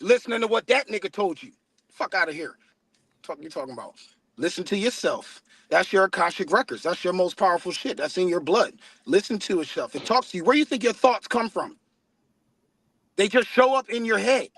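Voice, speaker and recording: A man's voice: high-pitched, animated, a little fast, fairly bright tone, breathy edge, no room sound. A man co-hosting a podcast in casual chat, blunt and profane, telling rowdy stories. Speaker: podcast co-host.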